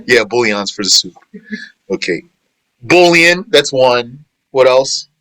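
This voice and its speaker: A man's voice: medium pitch, expressive, takes it slowly, pushed and bright, no echo, poor audio. A man teaching an informal class on Islamic law, quizzing his students, restating points and correcting phrasing as he goes. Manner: quizzes students and answers their replies. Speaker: religious teacher.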